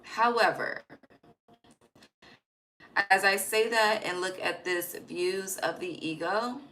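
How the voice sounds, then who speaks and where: Woman, tarot reader, bright voice, blunt and slangy, chatty at home at night. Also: medium pitch, slow pace, slight background noise, low-quality recording. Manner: emphatic, swears freely, slangy asides. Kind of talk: casual spoken tarot reading.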